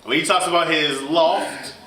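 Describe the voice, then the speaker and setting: A man co-hosting a casual podcast, telling stories in an animated way and laughing often. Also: on the high side, normal speed, slight background noise. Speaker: podcast co-host. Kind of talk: casual chat. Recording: echoey room, distant mic.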